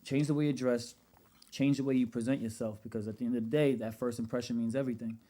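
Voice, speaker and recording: Animated Brooklyn man telling stories. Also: medium pitch, quick pace. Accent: New York. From Brooklyn, New York. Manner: animated storyteller, street slang, frequent "you know what I'm saying". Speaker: podcast guest, rental business owner. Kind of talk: casual podcast conversation.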